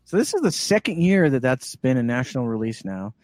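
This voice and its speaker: A man telling a story in casual chat as a guest, animated and acting out the voices of the people in it. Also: mid-range voice, fairly quick, no room sound. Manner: animated, acts out quoted voices.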